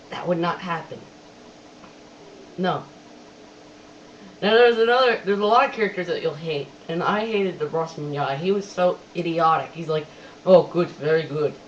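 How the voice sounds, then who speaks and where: A casual webcam movie reviewer who talks chattily, keeps repeating that he has to admit things, and quotes lines with animated emphasis. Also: medium pitch. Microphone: webcam microphone. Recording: distant dull webcam audio, faint hiss.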